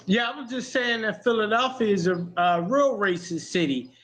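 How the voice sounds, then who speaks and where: Easygoing man with a high voice. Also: normal speed, a bit bright. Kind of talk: casual chat.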